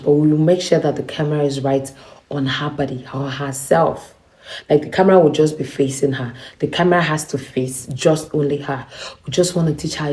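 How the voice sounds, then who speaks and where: A woman with a Nigerian accent telling a personal story to camera in a casual, animated way, acting out the dialogue. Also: low voice. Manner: animated, acts out quoted dialogue. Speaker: vlogger.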